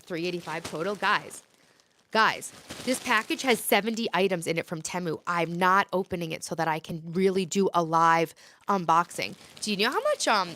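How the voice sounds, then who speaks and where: A woman's voice: lowish voice, fairly bright tone. Chatty woman live-streaming. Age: 30s. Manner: chatty, answers comments aloud, rambling. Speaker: livestream host. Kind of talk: casual live-stream chat.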